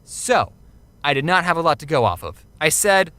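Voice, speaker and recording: A young man narrating a scripted comic story with a wry, deadpan delivery. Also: a little high, normal speed, clear, resonant tone, no room sound. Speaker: animated storyteller.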